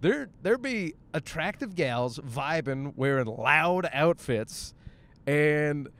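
Talking slowly in a slightly high, fairly bright, animated voice, a podcast host in his 30s rambles from behind the wheel, cracking jokes and swearing freely in a casual monologue.

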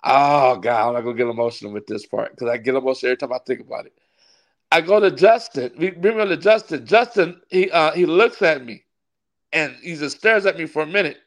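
Man, pastor, casual interview storytelling, somewhat high voice, animated, laughs often. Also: fast. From California. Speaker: pastor and wrestling ring announcer.

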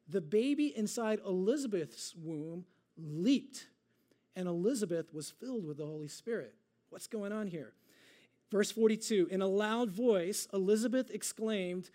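A man preaching a sermon, moving between conversational asides and slow, dramatic readings of scripture. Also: sits high, mellow. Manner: dramatic readings with slowed, drawn-out emphasis. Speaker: pastor.

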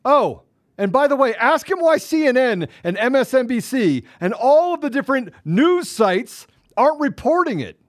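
A man co-hosting a political talk show, angry and emphatic, swinging between loud outbursts and low muttering. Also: big pitch swings, normal speed, no room sound, studio quality. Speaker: podcast co-host.

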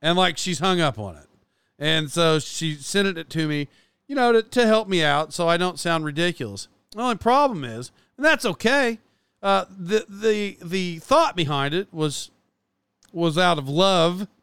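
A man in his forties talks through a casual, rambling podcast monologue, poking fun at himself between fillers and restarts. His voice sits high and comes across smooth and clean. The recording is dry and close, with no room sound. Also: expressive, measured pace, a bit bright, dry recording. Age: 40s. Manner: self-deprecating, chatty, many fillers and restarts. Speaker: podcast host.

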